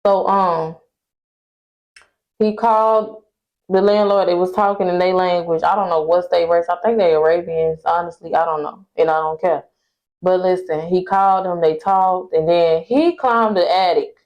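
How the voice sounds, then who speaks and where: Young woman, vlogger, exasperated storytime rant to viewers, lowish voice, muffled phone audio. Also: steady tone, moderate pace. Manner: exasperated, venting, talks straight to viewers. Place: at home indoors.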